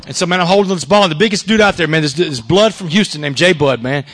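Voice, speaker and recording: A man's voice: on the high side, quick pace, a bit bright. A man from Texas with a Southern accent telling his life story to an audience, emphatic, tossing in "man" and "y'all". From Texas, USA.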